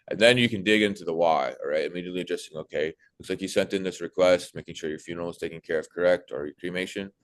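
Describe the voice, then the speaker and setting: A young man with a low voice talks his sales team through the job in a loose, casual way. He is animated and keeps breaking into a bright, put-on phone-rep voice to act out calls. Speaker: sales trainer. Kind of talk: casual sales coaching talk.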